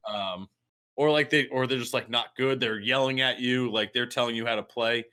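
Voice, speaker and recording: A man with a slight Boston accent co-hosting a gaming podcast, talking in animated, rambling casual chat and often repeating his words. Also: medium pitch, moderate pace. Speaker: podcast co-host.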